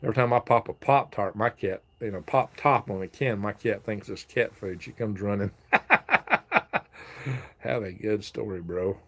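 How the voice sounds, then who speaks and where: A man's voice: on the low side, normal speed. A man hosting a casual live stream, reading viewer comments aloud, chatting and laughing often. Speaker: livestream host reading chat.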